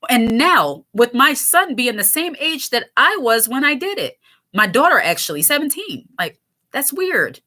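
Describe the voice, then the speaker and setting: A woman in her late thirties hosts a casual livestream and talks straight to her viewers in a chatty, candid way. Her voice sits fairly high and sounds bright and forward. She laughs easily as she goes. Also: sing-song, a little slow. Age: 30s. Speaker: channel host reading viewer comments.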